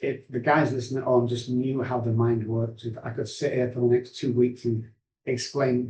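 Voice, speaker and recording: A man's voice: medium pitch, warm tone, dull audio. A man, an addiction specialist earnestly telling his life story in rambling, heartfelt sentences. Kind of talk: emotional personal storytelling. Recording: roomy echo.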